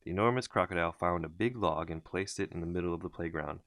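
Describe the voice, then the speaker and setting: A man reads a children's story aloud with a deep, low voice and expressive pacing. The recording is close and dry, with no room echo. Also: quick pace. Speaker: storybook reader. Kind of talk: reading a children's book aloud.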